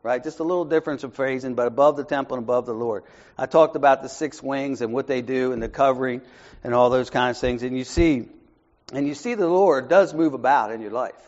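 A man runs a casual Bible study, moving from quiet side remarks to emphatic bursts and often asking "right?" to check in. His medium-pitched voice moves briskly, heard through a muffled, lo-fi recording.

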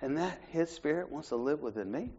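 A man leading an informal Bible study, talking in a conversational way that swings from soft asides to raised emphasis and keeps checking in with "right?". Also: a little high, animated, fairly quick, husky. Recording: muffled lo-fi recording.

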